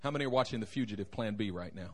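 A man's voice: fairly low pitch, expressive, rapid-fire. A young man preaching a humorous sermon in a church, telling stories and joking with the congregation. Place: church sanctuary.

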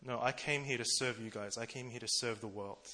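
A man preaching, voicing a calm male teacher who calmly foretells what will happen. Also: mid-range voice, fairly quick, lightly acted.

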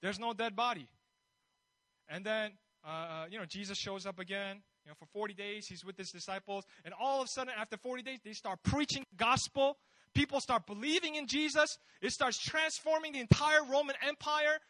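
High-voiced man preaching conversationally. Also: a little fast, sharp tone, no echo, poor audio. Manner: conversational, bold preaching with rhetorical questions. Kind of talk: sermon.

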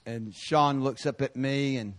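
A middle-aged male pastor preaching a sermon, telling stories and acting out voices with sudden shouts. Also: mid-range voice, steady tone, unhurried. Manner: storytelling, acts out voices with bursts of shouting.

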